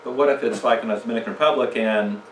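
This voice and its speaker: A fast-talking man with a mid-range voice gives a casual communication seminar in a church room, engaging the audience with questions and jokes. Background noise is audible, and the mic, placed at a distance, captures an echoey room.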